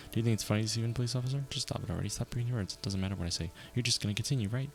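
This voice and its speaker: A man streaming a video game, reading its narration aloud and reacting with quick casual asides. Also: fairly low pitch. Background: game music.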